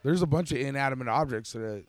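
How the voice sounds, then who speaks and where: A young man trading loud, crude, joking banter as a podcast co-host. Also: medium pitch, fast talker.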